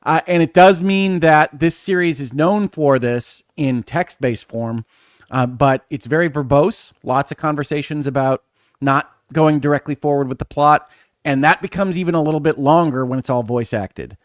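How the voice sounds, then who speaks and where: A man's voice: medium pitch, moderate pace, no room sound. A man with a mid-range voice co-hosts a gaming podcast, explaining things with enthusiasm and detail. His voice sounds dry and close to the mic. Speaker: podcast co-host. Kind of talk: casual podcast chat.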